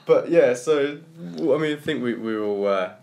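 A man's voice: medium pitch, expressive, normal speed, vocal fry, darkish tone. A young man, co-hosting a casual podcast chat, laughing easily and steering the talk with questions. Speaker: podcast co-host.

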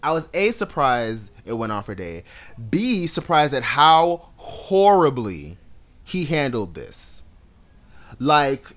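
A young adult man co-hosting a podcast, chatting casually with an animated, sassy storytelling style and frequent laughs. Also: mid-range voice, slow pace. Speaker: podcast co-host. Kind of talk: casual chat.

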